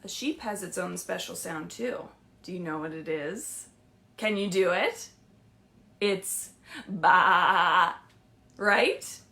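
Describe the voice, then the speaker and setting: A woman librarian reading picture books aloud to young children in a sing-song, animated storytelling voice, often asking them questions. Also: on the low side, measured pace, vocal fry. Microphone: streamed live.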